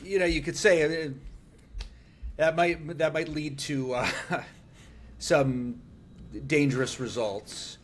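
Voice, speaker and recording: Brief: male podcast host, slightly high voice, calm therapist-style questioning, faint room noise. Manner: measured, gently probing therapist tone. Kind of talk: casual podcast chat. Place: room in a shared home.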